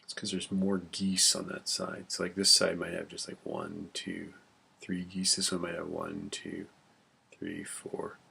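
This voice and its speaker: A deep-voiced male instructor with a heavy gravelly rasp and a very husky tone. He talks through a classroom lecture in a rambling way, muttering sums half under his breath. He slips corny jokes in between topics. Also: animated, unhurried, sharp tone.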